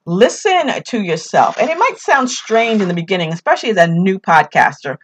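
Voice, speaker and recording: A woman with a New York accent hosting a podcast, giving casual tips in an upbeat, emphatic way and repeating her key phrases. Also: mid-range voice. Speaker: podcast host.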